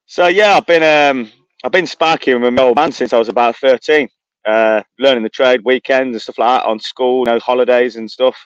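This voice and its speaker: A man's voice: medium pitch, steady tone, brisk, smooth, no echo. A man in his thirties, an electrician, chatting in a laid-back, easygoing way over a remote call. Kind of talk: casual chat on a remote call. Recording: dull lo-fi remote call line.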